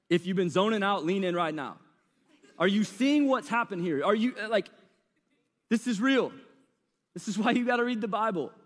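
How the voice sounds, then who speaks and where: Guy preaching, high voice, super casual slangy storytelling, lots of reverb. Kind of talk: sermon.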